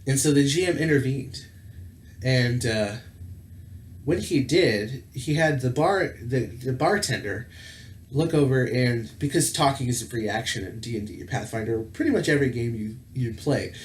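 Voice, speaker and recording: A man's voice: mid-range voice, normal speed. A man hosting a tabletop gaming channel tells a personal story in a casual, rambling way, full of fillers and self-corrections. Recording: roomy echo with faint background noise.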